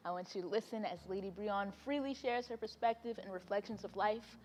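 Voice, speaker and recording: A woman's voice: medium pitch, a little fast, a little mellow, a little hiss or hum. Chatty woman hosting, with reverb. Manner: chatty, laughing asides, frequent fillers. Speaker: host. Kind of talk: casual event hosting. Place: home, on a video call.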